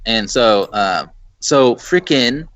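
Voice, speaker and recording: A man's voice: mid-range voice, lively intonation, slow pace, a bit bright, no room sound, muffled recording. A man hosting a podcast in loose casual chat, swearing and filling with "uh" and "like". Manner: loose, swears, many fillers.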